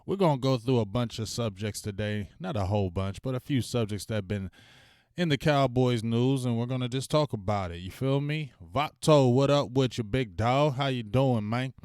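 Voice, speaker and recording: A sports talk stream host chats loosely with his livestream audience in slangy speech, now and then bursting into loud shout-outs and venting. His smooth, resonant voice sits at medium pitch and moves at a moderate pace. The recording is dry, close-miked, and free of echo.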